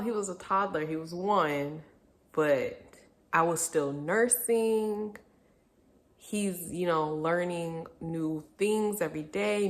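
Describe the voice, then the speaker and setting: A young woman vlogger telling a personal story in a candid, reflective way, now and then laughing through hard memories. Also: lowish voice. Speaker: vlogger, mother. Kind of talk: casual personal storytelling to camera.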